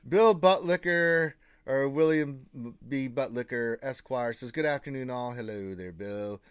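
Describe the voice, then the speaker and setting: A man co-hosting a casual live gaming stream, reading out viewer greetings and teasing them with flat refusals. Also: mid-range voice, measured pace, few pauses, clean tone, no room sound.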